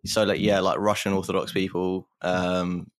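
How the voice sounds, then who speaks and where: A young man on a casual podcast, explaining in halting, rambling bits with many restarts. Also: sits low, level tone. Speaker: podcast co-host.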